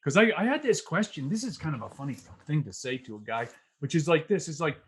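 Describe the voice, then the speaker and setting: Animated, laughing male podcast host. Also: a little high, quick pace, few pauses, breathy edge. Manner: animated, laughing, lots of "man" and "it's like". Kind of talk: casual conversation.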